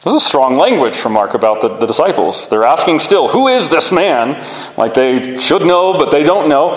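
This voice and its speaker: A man's voice: medium pitch, expressive, moderate pace. A man preaching a sermon, teaching earnestly and often restarting his sentences. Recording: echoey hall with long reverb.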